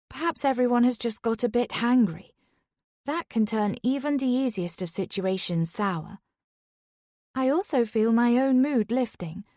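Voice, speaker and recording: A woman reading a first-person thriller audiobook in a steady, even way. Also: a little high, dry recording, studio quality. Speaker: audiobook narrator.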